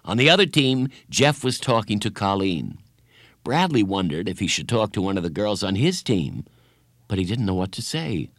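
Give me an expressive male storyteller for a children's book, lively and animated, with a very dry sound that keeps him close to the listener. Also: lowish voice, moderate pace, dry recording. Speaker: narrator. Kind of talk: reading a children's story aloud.

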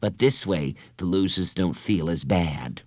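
A man's voice: low-pitched, unhurried, no room sound, clean studio sound, voice pushed down. A man voicing Betty, a matter-of-fact, slightly superior young girl in a children's storybook.

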